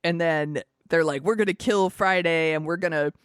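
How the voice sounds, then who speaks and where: Clean studio sound with no room sound carries a woman's clear, resonant voice, which is on the low side and moderately paced. She co-hosts a podcast, chatting casually about a movie, rambling and swearing amid plenty of fillers and laughter.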